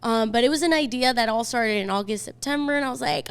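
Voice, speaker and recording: A woman's voice: fairly high pitch, clean tone. A young woman in her twenties, a podcast guest, chatting casually and telling stories with lots of fillers. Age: 20s. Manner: chatty, quick storytelling with many fillers. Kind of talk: casual chat.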